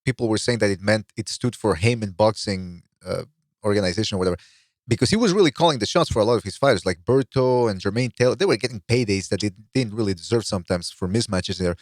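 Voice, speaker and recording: A man's voice: on the low side, fast talker, no room sound. Man telling boxing stories, dry close mic. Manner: storytelling, builds up to punchlines. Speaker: podcast host. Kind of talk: casual podcast chat.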